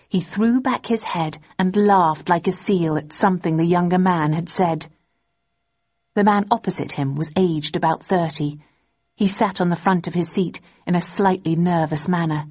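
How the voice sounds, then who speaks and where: A woman's voice: fairly low pitch, normal speed, a little mellow, breathy edge. A woman narrating a novel in the first person, with a dry, wry delivery. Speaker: audiobook narrator. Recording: dull, muffled recording.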